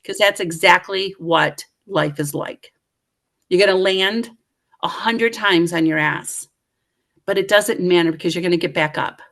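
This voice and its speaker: A woman guest in middle age telling a story with lively, self-mocking humor, acting out the voices of the people in it. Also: on the low side, measured pace. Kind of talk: animated storytelling.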